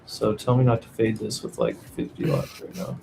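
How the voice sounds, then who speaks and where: A man's voice: on the low side, little pitch movement, normal speed, gravelly, background noise. A man co-hosting a live trading stream, asking questions and reading out news headlines. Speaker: trading co-host.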